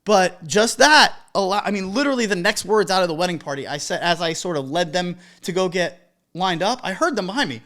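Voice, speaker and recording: A man who works as a wedding DJ, telling a story as advice to other DJs in an animated, emphatic way with casual swearing. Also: high-pitched, fairly quick.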